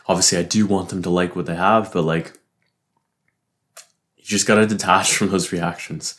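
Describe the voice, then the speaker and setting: Young male barista, deep low voice, loose profane rambling monologue with self-amused laughs. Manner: profane, rambling, frequent "like" fillers, laughs to himself. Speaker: barista reflecting on his week. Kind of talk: casual solo reflection.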